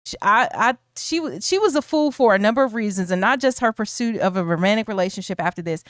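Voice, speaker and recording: Smooth-voiced woman co-hosting a film chat. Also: medium pitch, animated, fast talker, no echo, clean studio sound. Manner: thoughtful, many restarts, bursts of laughter. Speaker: podcast co-host. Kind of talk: casual film discussion.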